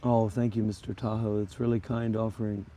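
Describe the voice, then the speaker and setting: A man's voice: fairly low pitch, level tone, a little fast, dark tone, a little hiss or hum. A man hosting a livestream, talking bluntly and combatively straight at his viewers. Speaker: livestream host and former monk. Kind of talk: unscripted livestream talk.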